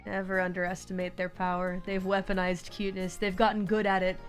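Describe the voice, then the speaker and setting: A woman hosting a relaxed live stream from home, chatting casually, laughing often and cooing at her cat. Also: mid-range voice, a little fast. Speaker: livestream host. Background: faint background music.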